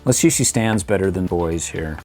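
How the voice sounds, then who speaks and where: A middle-aged man chats through a toy review, chuckling and making playful sound effects. His voice sits on the low side but swings widely in pitch. Soft music plays faintly underneath. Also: lively intonation, fairly quick. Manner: playful, chuckling, makes sound effects while posing toys. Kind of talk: casual toy review commentary.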